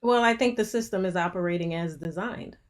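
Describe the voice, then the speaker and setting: A woman explaining her view in casual podcast chat, deliberate and explanatory. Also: fairly low pitch. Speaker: podcast co-host.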